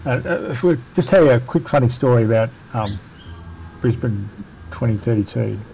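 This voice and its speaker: A man's voice: medium pitch, normal speed, creaky. An Australian man, a Paralympic cyclist, telling a family story in a casual interview, laughing as he goes, over a muffled line with background noise. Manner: animated, laughs through his story.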